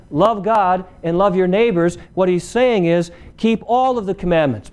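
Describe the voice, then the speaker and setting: A man's voice: high-pitched, darkish tone, clear, resonant tone. A male preacher giving a sermon, emphatic and repeating key phrases, firing rhetorical questions at the congregation.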